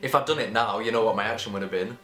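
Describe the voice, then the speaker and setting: A young man from England telling a casual storytime story, chatty and animated, acting out the voices of the people in it. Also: fairly low pitch, racing. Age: young adult. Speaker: vlogger. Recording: echoey room, faint music behind.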